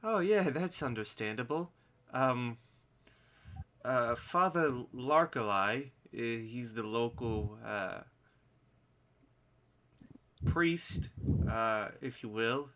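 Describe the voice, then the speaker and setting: A man's voice: a little high, big pitch swings, slow, a little hiss or hum, voice pushed up. A man doing a nervous half-elf man. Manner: hesitant, placating.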